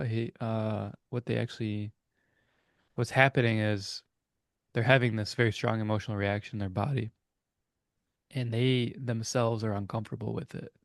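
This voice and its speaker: A man's voice: medium pitch, vocal fry, no room sound, clean studio sound. A young adult man co-hosting a casual reflective chat over a video call, talking in an earnest, rambling way as he searches for words. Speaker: co-host.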